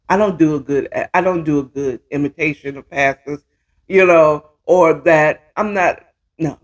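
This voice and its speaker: A woman's voice: sits low, moderate pace. A woman hosting a casual commentary chat from home, opinionated and rambling, with restarts and asides. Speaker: host. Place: home, at a computer.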